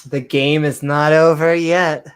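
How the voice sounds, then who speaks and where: A man hosting a comedic read-through, his voice sitting fairly high for a man. He delivers the archaic verses slowly, with mock grandeur and sarcastic asides in between. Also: little pitch movement, clear, resonant tone. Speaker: host. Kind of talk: comedic scripture reading and chat.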